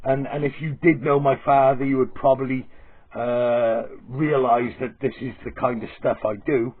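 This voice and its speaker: Ein Mann mit heiserer, rauer Stimme schimpft vulgär und aggressiv in einem satirischen Comedy-Vlog direkt in die Kamera. Der Ton klingt dünn und blechern, fast wie ein Telefon. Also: male voice, mid-range voice, slightly rough. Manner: profane, aggressive, sweary. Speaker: comedy vlogger. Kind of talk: crude satirical rant to camera. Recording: tinny phone-like audio.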